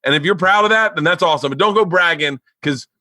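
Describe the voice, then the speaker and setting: A man, hosting a casual podcast chat and telling stories with loud, high outbursts when he quotes himself. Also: fast talker, no room sound. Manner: animated storyteller who jumps to loud high outbursts when quoting himself. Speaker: podcast host.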